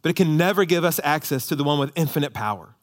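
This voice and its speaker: A man preaching a sermon as pastor, impassioned and emphatic, rising to loud peaks. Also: fairly high pitch, expressive, fast.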